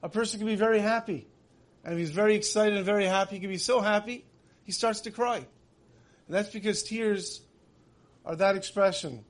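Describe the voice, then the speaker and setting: A man's voice: sits high, a little fast, pauses often. A man giving a conversational sermon, asking rhetorical questions and weaving in many Hebrew terms. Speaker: religious speaker.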